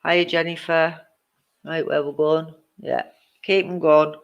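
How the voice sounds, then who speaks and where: A woman's voice: low-pitched, fairly even intonation, slow pace, creaky, highs cut off. Chatty woman card reader. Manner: chatty, teasing viewers, many ums. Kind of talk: live-stream card reading.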